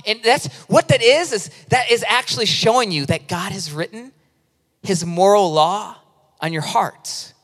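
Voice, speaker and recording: Man pastor, high voice, lively chatty sermon with jokes, heard in a big reverberant hall. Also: moderate pace. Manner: lively, conversational preaching with humorous stories. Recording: long reverb of a large hall.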